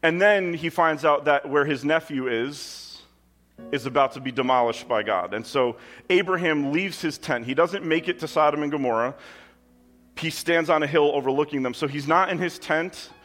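A man's voice: on the high side, normal speed, fairly bright tone, soft background music. A man preaching a sermon in a conversational style, with emphatic asides to the congregation. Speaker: pastor. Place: church with kids in the room.

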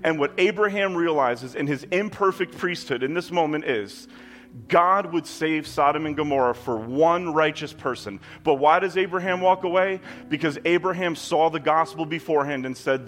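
Man preaching conversationally over soft guitar. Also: a little high, normal speed. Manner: conversational preaching with emphatic asides. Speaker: pastor. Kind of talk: sermon. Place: church with kids in the room.

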